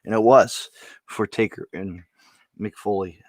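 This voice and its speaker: A man's voice: fairly low pitch, fairly even intonation, a little slow, darkish tone, no room sound. A man hosting a podcast in a casual, rambling way, laughing often and saying "you know" a lot. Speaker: podcast host. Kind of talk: casual chat.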